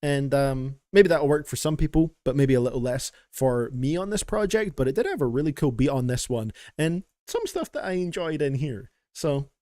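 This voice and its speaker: Playful, lively-voiced man streaming reactions. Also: a little high, moderate pace, hardly any pauses, no echo, clean studio sound. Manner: playful and joking, laughs often, chats with viewers. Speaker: streamer reacting to music requests. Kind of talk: casual live-stream reaction commentary. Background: faint music playing.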